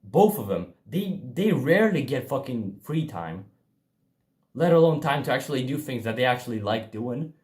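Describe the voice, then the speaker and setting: A man's voice: medium pitch, very animated, normal speed, a little mellow. A young man giving a casual motivational monologue, blunt and profane, talking emphatically with frequent restarts. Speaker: self-improvement vlogger.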